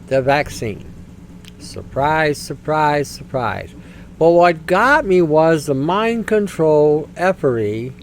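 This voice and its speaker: A man rants on his podcast in a blunt, scornful, repetitive way. His voice sits fairly high for a man. Faint noise sits behind it. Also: rough recording. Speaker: podcast host. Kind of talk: opinionated commentary rant.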